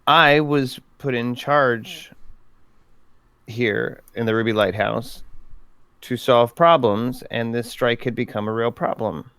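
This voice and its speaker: A man speaking in character as a tabletop game player, halting and breaking into laughs. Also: medium pitch, a bit bright, clear, resonant tone, dry recording. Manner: halting, with frequent fillers and laughter. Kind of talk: in-character tabletop role-play.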